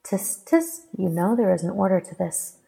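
A woman voicing a brisk young priestess who recites ritual lore in a prim, instructive way. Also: medium pitch, vocal fry, warm tone, husky, in a large hall, exaggerated voice, rough recording.

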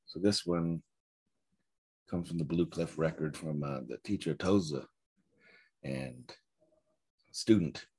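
Low husky-voiced Zen teacher, reflective. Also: male voice, slow pace, long pauses. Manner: reflective and searching, with soft laughs. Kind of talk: dharma talk.

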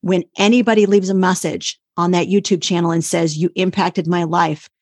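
A woman's voice: lowish voice, steady tone, moderate pace, darkish tone, dry recording. A woman guest on a podcast, earnestly sharing a faith testimony with conviction. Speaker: guest, YouTuber. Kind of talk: faith-based testimony in interview.

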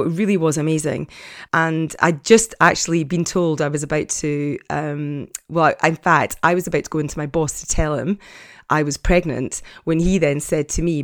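A woman's voice: low-pitched, no room sound, clean studio sound. A woman in her late forties or fifties, a former TV presenter, chatting openly about her life with lots of fillers and restarts. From Scotland. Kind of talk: personal storytelling to camera.

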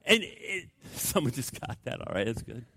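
An older man, a pastor, preaching a sermon with animated storytelling that swings between loud emphasis and hushed, quiet passages. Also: mid-range voice, normal speed.

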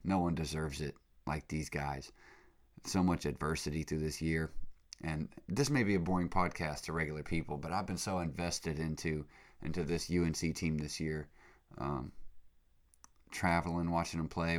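A young man with a very deep voice hosts a laid-back podcast monologue. He sounds congested from being sick. He rambles excitably and leans on slang fillers. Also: moderate pace. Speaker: podcast host. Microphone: podcast mic.

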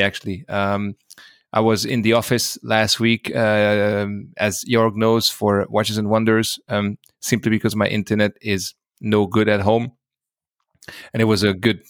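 Low-voiced man chatting on a podcast. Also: no room sound, studio quality. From Germany. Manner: chatty, self-correcting, friendly. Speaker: podcast co-host. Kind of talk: casual chat.

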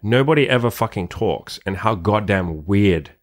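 A young man hosts a casual podcast in a brash, crude, joking way, swearing freely. His voice sits fairly low. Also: animated, moderate pace. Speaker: podcast host. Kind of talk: crass casual podcast chat.

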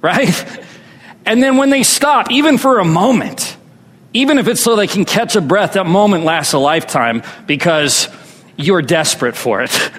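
A man's voice: sits high, lively intonation, normal speed, fairly bright tone. A man preaching a sermon as pastor, drawing his congregation into call-and-response. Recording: long reverb hall.

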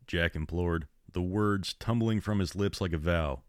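Male horror storyteller, deep and measured, dry booth sound. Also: dry recording. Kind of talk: reading his own horror story.

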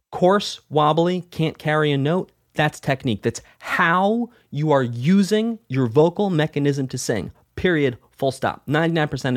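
A man coaching music students in an energetic, repetitive way, giving casual advice and telling stories. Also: fairly high pitch. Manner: energetic, repetitive, storytelling with acted quotes.

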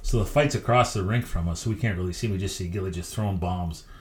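Fast-talking deep-voiced veteran coach. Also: male voice, reverberant, a little hiss or hum. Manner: lively anecdotal storyteller, quick delivery. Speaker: hockey coach, podcast guest. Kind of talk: storytelling interview.

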